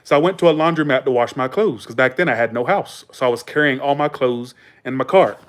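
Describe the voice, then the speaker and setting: A man's voice: mid-range voice, fast. A man from the Southern US with a Southern accent, rambling casually on a live stream, swearing freely and telling stories. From Southern United States.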